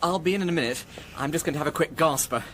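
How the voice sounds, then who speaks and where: A man's voice: a little high, very fast, a bit bright, a little hiss or hum, natural voice. An actor playing a nervous, polite young man applying to be an announcer in a radio comedy. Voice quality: hesitant, polite. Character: nervous young male announcer applicant, well-bred.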